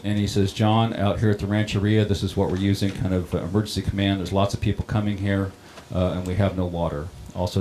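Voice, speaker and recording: A middle-aged man who runs a town water system recounts a personal story in a plain-spoken, halting way. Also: low-pitched, a little mellow, slight background noise. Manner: plain-spoken, halting, many ums and restarts. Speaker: water district operator on a panel.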